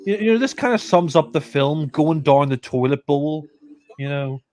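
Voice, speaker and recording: A man's voice: fairly high pitch, lively intonation, normal speed, darkish tone. A man casually commentating on a film and often repeating himself as he hesitates. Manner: hesitant, stumbles and repeats words.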